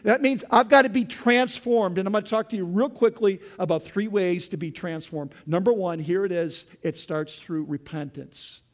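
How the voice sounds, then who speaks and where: A male pastor with a high voice delivers a sermon. He is impassioned and often rises in pitch and volume as he speaks. He keeps checking in with his listeners. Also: moderate pace, few pauses. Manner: impassioned, often raises voice when voicing prayers and quotes; addresses the congregation with "folks" and "okay?".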